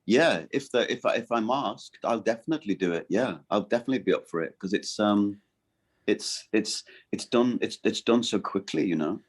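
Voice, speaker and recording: A middle-aged man with a gravelly, fairly low voice chats in a casual interview. He talks in halting bursts, stopping and restarting his sentences and filling gaps with ums. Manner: halting, many restarts and fillers. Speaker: voice actor guest.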